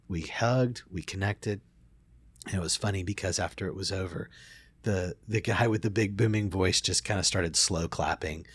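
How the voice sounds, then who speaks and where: A middle-aged man, a therapist, telling a family story in a relaxed conversation, reflective and full of restarts. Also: low voice, moderate pace, husky, no room sound. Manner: reflective, many restarts and fillers. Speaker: therapist and podcast host.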